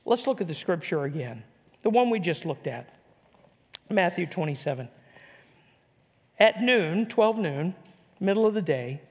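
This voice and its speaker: A man's voice: high-pitched, a little mellow. An older man, a pastor, preaching a sermon earnestly and repeating words for emphasis. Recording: long hall reverb.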